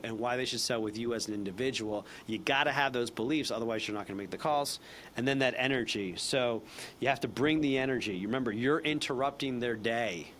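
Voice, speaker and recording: Animated man coaching sales calls. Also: mid-range voice, a little hiss or hum. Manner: animated, acts out phone calls in a perky voice. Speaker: sales trainer. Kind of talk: casual training talk.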